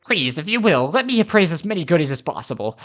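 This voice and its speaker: A man voicing a courteous male treasure appraiser from a video game, polite and flattering. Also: a little high, quick pace, voice pushed up.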